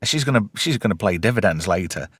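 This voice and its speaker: Animated man recapping a show. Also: low voice, fast talker, breathy edge, dry recording, studio quality. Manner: animated, swears freely, recaps episodes with acted quotes. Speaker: podcast host. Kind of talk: casual chat.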